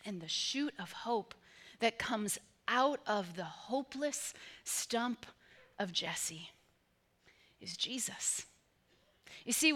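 Woman, pastor, sermon, emphatic repetition, high-pitched. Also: bright, forceful tone. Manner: emphatic, repetitive preaching cadence.

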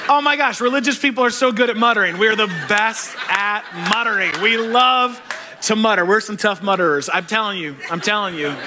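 A man preaching a sermon, animated and joking, acting out the voices of the people he quotes. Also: high-pitched, fairly quick, background noise. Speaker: pastor.

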